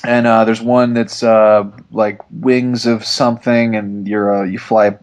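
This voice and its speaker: A man's voice: lowish voice, level tone, measured pace. A young man on a podcast, telling a long, rambling story full of ums and restarts in casual chat. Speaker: podcast regular.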